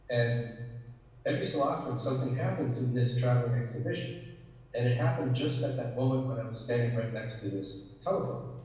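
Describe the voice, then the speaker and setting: A man's voice: mid-range voice, dark tone. Older man telling stories in an echoey hall. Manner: rambling, unhurried, with frequent restarts. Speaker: guest author in a talk. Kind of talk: anecdotal storytelling in conversation. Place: theater stage. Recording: echoey hall, distant mic.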